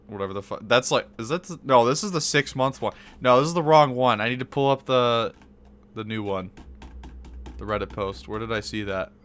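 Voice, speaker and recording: Brief: male streamer, casual talk, muttering while hunting through tabs, clear voice. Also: fairly low pitch, fairly bright tone. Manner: mumbling to himself while searching on screen. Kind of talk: casual livestream chat.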